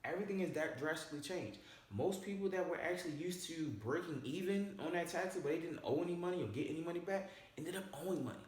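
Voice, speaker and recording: A man's voice: on the high side, lively intonation, fast talker. A man presenting a casual money-saving explainer, stressing each point and checking in with "all right?" and "okay?". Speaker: personal finance presenter. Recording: very echoey room.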